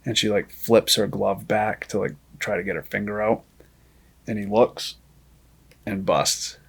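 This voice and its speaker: Podcast guest, man, lowish voice, animated yarn-spinner who acts out dialogue. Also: a little slow, vocal fry, husky. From Maine. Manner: lively storyteller who acts out quoted dialogue. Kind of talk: casual storytelling.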